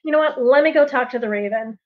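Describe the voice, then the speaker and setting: A woman's voice: high-pitched, fast talker, natural voice. A woman doing a wise, patient bear. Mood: reassuring. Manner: earnest, reasoning, coaxing. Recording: dull lo-fi livestream audio.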